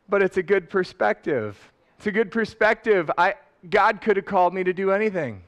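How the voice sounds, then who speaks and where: A middle-aged man preaching a sermon, lively and laughing, rising loud and dropping soft. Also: high voice, normal speed, highs cut off. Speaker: pastor. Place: church sanctuary.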